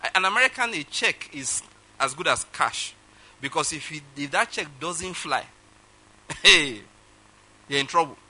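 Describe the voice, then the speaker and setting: A man's voice: on the high side, expressive, normal speed, bright, forceful tone, low-quality recording. A man preaching a sermon, telling a personal story and acting out phone calls with laughter. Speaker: pastor.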